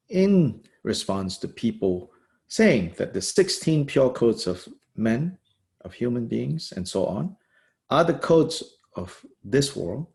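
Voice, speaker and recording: Gravelly-voiced man teaching, lively pitch. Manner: thoughtful, halting, many fillers and pauses; laughs lightly while explaining. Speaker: Buddhist teacher. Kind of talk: lecture commenting on a text.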